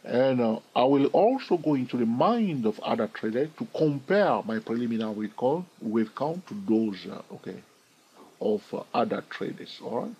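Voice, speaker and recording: A man's voice: medium pitch, very animated, moderate pace, darkish tone, breathy edge, muffled recording. A man hosting a trading video, chatting casually through a chart walkthrough and often asking viewers questions. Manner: chatty, asks viewers questions, frequent "all right?".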